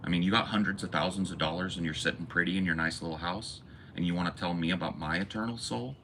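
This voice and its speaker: A man's voice: deep voice, fast talker, pushed and bright, slight background noise. A man hosting a podcast, delivering an impassioned, preachy rant full of profanity. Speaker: podcast host. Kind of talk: impassioned monologue.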